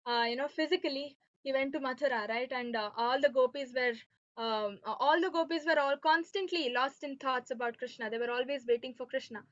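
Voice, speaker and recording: High-voiced woman teaching scripture. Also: fairly quick, a bit bright, dry recording. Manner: keeps asking listeners "right?" and "okay". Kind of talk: devotional lesson storytelling. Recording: dull lo-fi dry sound.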